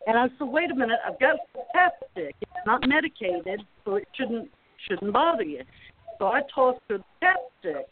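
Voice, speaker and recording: A woman calling in to a show, telling a funny story about a friend in a chatty, casual way. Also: a little high. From Florida. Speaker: caller sharing a story. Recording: tinny phone line.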